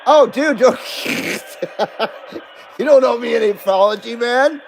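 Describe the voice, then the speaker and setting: A middle-aged man with a fairly high voice rambles casually through a live radio stream. He talks in a loose, laid-back way and swears freely. A faint hum sits behind him. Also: slow pace, creaky, poor audio. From Nevada, US. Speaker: CB radio livestream host.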